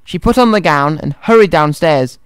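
A man's voice: a little high, animated, normal speed, clear, resonant tone, no echo. A man presenting a children's radio show and reading a story aloud in a cheerful, friendly way, in a studio. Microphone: studio microphone.

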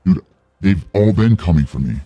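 A low, husky male voice with a wide, swinging pitch, venting in angry, profane bursts. He streams a game live and keeps up a running commentary aimed at his teammates. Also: lively intonation, normal speed, warm tone, no room sound, muffled recording.

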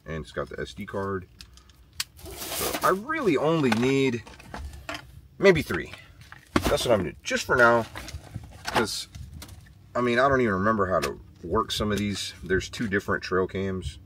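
Low-voiced man vlogging outdoors. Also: big pitch swings, measured pace, pauses often, noisy background. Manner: chatty and worried, thinking out loud. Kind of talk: casual vlog commentary. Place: outdoors on a small farm property.

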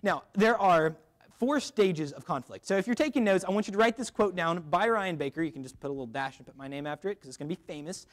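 A man's voice: sits high, fast. A young man giving a chapel sermon at a school, telling a funny personal story before turning to a Bible passage. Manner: lively, joking storyteller. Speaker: chapel speaker.

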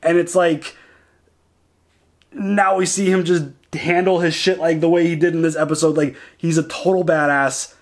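Excited man chatting about a show. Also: on the high side. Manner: excited, quotes characters in quick retellings. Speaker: reaction show co-host. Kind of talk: casual reaction chat.

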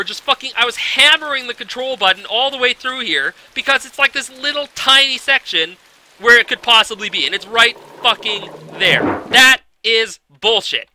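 A man with a very high voice rants over his gameplay, exasperated and profane, breaking into loud outbursts about hidden collectibles.

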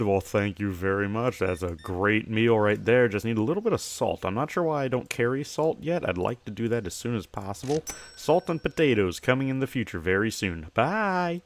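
A man's voice: lowish voice, animated, moderate pace, hardly any pauses. A young man giving casual gameplay commentary, chatting to himself and breaking into playful, chirpy shopkeeper greetings to customers. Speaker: gamer.

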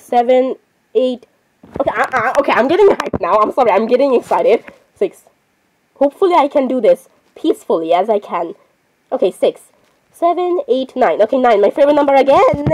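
A woman giving casual, excitable commentary while playing a game, apologizing constantly and talking to herself. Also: high-pitched, slight background noise. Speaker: gamer.

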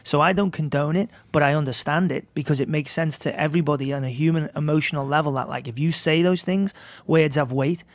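A man's voice: on the high side, brisk, few pauses, dry recording. A man talking on a casual podcast as a guest, reasoning his points out at length in a thoughtful way. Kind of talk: casual chat.

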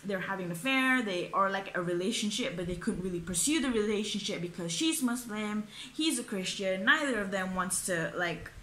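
A woman's voice: medium pitch, expressive, moderate pace, few pauses, fairly bright tone, slight background noise. A young woman, ranting through a book review, exasperated and swearing, with lots of fillers. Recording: echoey room.

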